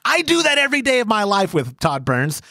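A lively man with a high voice that swings up and down as he tells stories. He sounds dry and close to the mic, chatting casually and laughing on a podcast. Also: brisk, vocal fry, no echo. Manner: animated storyteller, acts out quotes, laughs often. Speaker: podcast co-host. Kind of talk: casual banter.

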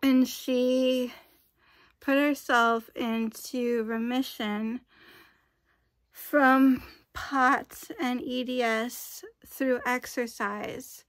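A woman's voice: on the high side, steady tone, drawn-out words, no echo. A woman vlogging in a casual, chatty way, rambling with frequent asides. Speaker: YouTube vlogger.

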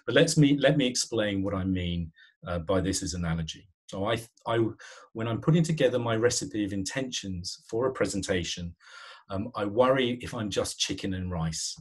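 A man with a low, somewhat husky voice leads an online webinar about presenting. He talks in a relaxed, conversational way, often pausing on "um" and restarting his sentences as he walks through his slides. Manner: conversational, many fillers and restarts.

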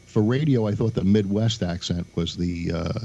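Deep dark-voiced man, halting, lo-fi. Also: vocal fry. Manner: halting, with many uh fillers. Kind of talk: casual group chat. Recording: dull lo-fi recording.

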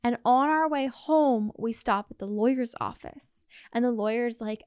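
Mujer de voz clara y algo aguda. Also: female voice, fairly high pitch, normal speed, hardly any pauses, darkish tone, smooth, no room sound, studio quality. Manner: chatty, heavy use of "like". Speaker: podcast co-host. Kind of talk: casual chat, telling a dream story.

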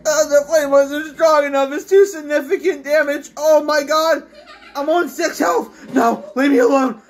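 A woman giving let's-play commentary, excitable, swinging from low mutters to shrieks and screams. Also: a little slow. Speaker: gamer.

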